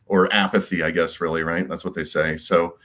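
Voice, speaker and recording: A man's voice: deep voice, little pitch movement, a little fast, fairly bright tone. A man giving a rambling solo monologue as a commentator, emphatic and repetitive and full of rhetorical questions. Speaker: political commentator.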